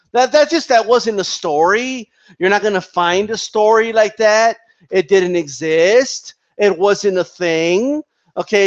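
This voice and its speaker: A man's voice: high voice, highs cut off. A man giving heated, profane boxing commentary, restarting his sentences often as he rants. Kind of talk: ranting commentary vlog.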